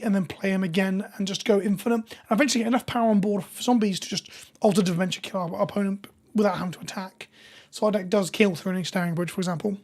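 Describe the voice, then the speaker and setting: Hoarse woman streamer. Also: medium pitch, a little mellow. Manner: chatty, reads viewer names and jokes with chat. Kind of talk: casual live stream chat.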